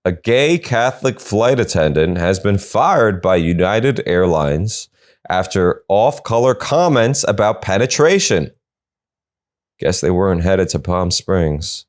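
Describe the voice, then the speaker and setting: Man reading offbeat news with sarcastic asides, very lively intonation. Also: low-pitched, slow pace. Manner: sarcastic, quips between news items. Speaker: podcast host.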